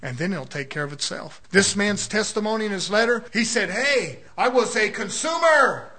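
High, bright-voiced fervent male preacher. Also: expressive, normal speed. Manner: fervent, emphatic, rhetorical questions. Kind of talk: sermon. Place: church service.

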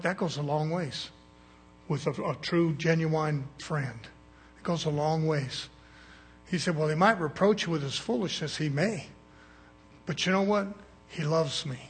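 Male preacher, raspy rough voice, slightly high, blunt folksy sermon style with call-and-response. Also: a little slow.

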